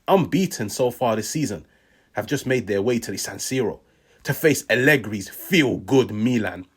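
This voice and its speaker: Sick, animated man reacting to football. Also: fairly low pitch, normal speed, husky. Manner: dramatic, animated storytelling. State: sick, unwell. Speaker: football channel host. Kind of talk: match reaction commentary.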